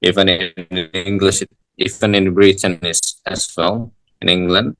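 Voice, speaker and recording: A man tutoring English in a casual lesson, talking haltingly with frequent restarts and fillers. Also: low-pitched, steady tone, fairly bright tone, no room sound, low-quality recording.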